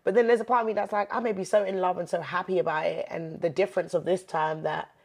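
A woman with a low-pitched voice talks openly in an interview, earnest and reflective. She leans on her faith as she speaks, and gets animated when she jokes. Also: fast, husky. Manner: earnest, animated when joking, many fillers. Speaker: interview guest. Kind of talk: candid faith-based chat.

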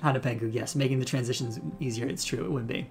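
A man's voice: mid-range voice, fast, creaky, soft background music. Easygoing male streamer chatting with viewers. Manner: easygoing, self-deprecating, chats with viewers. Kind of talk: casual live game commentary.

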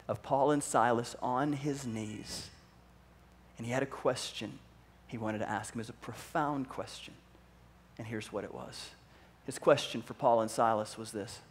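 A man with a medium-pitched voice preaches an animated sermon as a pastor. Along the way he performs voices and puts questions to the audience.

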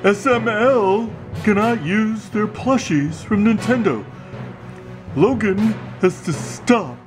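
A man's voice: sits high, slow, over music, pitched above the performer's own voice. A man voicing an overexcited male TV news anchor puppet, announcing breaking news.

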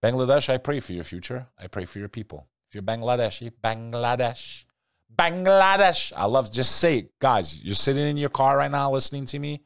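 A man hosts a casual commentary podcast in a mid-pitched voice. He swings from loud, animated rants down to quiet asides. The sound is dry and close. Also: fairly quick, gravelly, hardly any pauses, no room sound. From Albanian family. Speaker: podcast host. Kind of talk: casual talk-show commentary.

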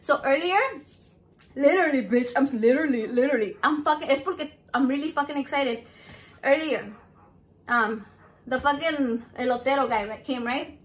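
A high-pitched woman talks straight to camera from her home. She is brash and foul-mouthed, and she drops words into her as she chats through her cooking vlog. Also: moderate pace. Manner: brash, foul-mouthed, animated, mixes Spanish into English. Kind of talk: casual profane chat to camera.

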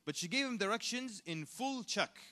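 A man preaching at a convention, telling funny stories and putting on quick mock voices. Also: high voice. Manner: animated storyteller, jokes and mock voices, laughs. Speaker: Islamic preacher. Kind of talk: lively convention talk with acted quotes. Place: large convention hall. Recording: long hall reverb.

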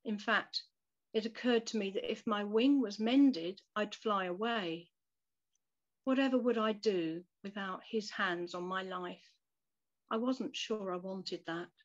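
A woman reading a devotional story and prayer aloud in a soft, measured, reflective way. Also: mid-range voice. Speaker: devotional reader. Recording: dull lo-fi recording.

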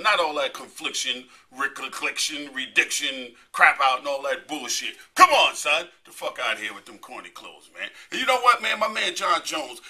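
A man's voice: a little high, sharp tone, husky. A middle-aged man hosting a comedic promo, delivering a brash, profane rant with a repeated catchphrase. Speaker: host of comedy promo bit.

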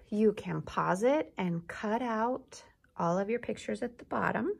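Woman teacher, slow and encouraging with little kids, super gravelly fry. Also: medium pitch, slight background noise. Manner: slow, encouraging classroom speech with prompts to repeat. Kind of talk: recorded remote lesson for young children.

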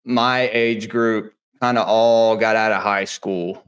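A man from Mississippi, joining a podcast as a guest over a call from home. His voice sits fairly low. He talks loosely, peppering his speech with "dude" and "bro". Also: fairly even intonation, takes it slowly, fairly bright tone, clear, resonant tone. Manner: slangy, says "dude" and "bro" a lot. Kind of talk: casual podcast chat.

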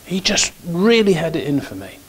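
A man's voice: on the high side, big pitch swings, moderate pace, breathy edge. A middle-aged man preaching a sermon in a church, mixing personal stories with emphatic, rising exhortation. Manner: storytelling, grows emphatic and preachy. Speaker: pastor.

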